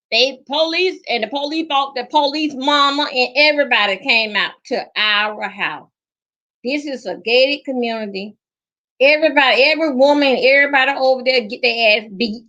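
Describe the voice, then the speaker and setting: A middle-aged woman telling a comic personal story in a loud, salty, emphatic way, repeating phrases for effect. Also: high voice.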